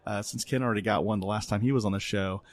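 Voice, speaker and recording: A middle-aged man hosting a podcast, telling a family story in an animated, laughing way at a conference. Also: on the low side, quick pace. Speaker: podcast host. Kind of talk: casual interview chat. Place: conference venue.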